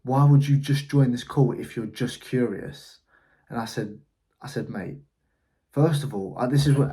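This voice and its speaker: A man who owns an agency tells a story in a casual vlog, his voice lowish and warm. He's blunt and swears freely as he recounts a frustrating call.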